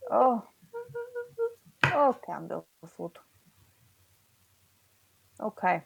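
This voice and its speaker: A woman's voice: medium pitch, a little slow, gravelly, pauses often. A woman playing a tabletop game, chatting playfully. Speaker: player. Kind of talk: casual play talk.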